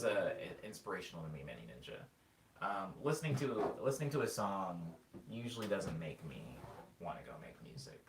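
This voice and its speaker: A young man talks loosely to his chat, telling rambling stories in a low voice that swings up and down a lot. He sits a little away from the mic, and the room echoes around him. Faint guitar plays behind him. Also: a little fast, creaky, recorded from a distance. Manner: rambling, animated storytelling with filler words. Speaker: music streamer answering chat. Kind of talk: casual stream chat.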